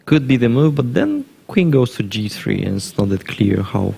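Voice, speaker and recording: A man commentating live on a chess game, thinking aloud through variations in a measured way. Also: mid-range voice, big pitch swings, gravelly, dark tone, breathy edge.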